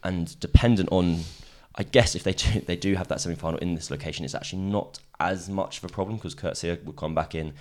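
This is a man with an extremely low voice, co-hosting a casual cricket podcast. He talks quickly and rambles, stacking up fillers as his thoughts run on. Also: fairly even intonation. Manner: fast, rambling, leans on "kind of". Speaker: podcast co-host.

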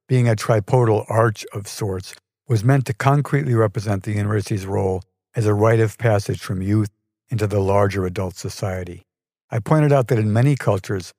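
Low-voiced older man telling a story. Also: darkish tone, no echo. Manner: wry, measured storytelling. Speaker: storyteller podcast host. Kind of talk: personal story narration. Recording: dry close mic, faint music.

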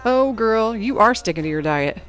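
A woman's voice: on the high side, animated, moderate pace, soft background music, voice pushed up, lightly acted. A woman voicing a chatty, teasing teenage girl who gossips with her friend, in a storybook reading.

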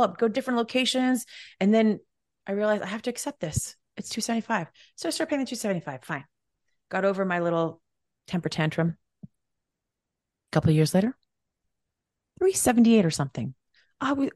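A middle-aged woman telling a story in a casual, lively way, acting out the back-and-forth. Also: low voice, fairly quick, dry recording, clean studio sound. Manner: animated, acts out quoted exchanges. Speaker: podcast guest, wealth mentor.

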